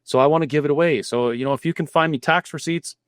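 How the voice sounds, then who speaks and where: A man's voice: a little high, fast talker, dry recording, clean studio sound, pitched above the performer's own voice, lightly acted. A man voicing a generous older male immigrant benefactor who talks eagerly and bluntly in a raised voice.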